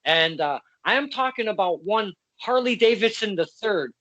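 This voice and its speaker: A man hosting a casual wrestling interview over a video call, excitable and stammering, often repeating his words as he talks. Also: sits high, normal speed. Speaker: interviewer, podcast host.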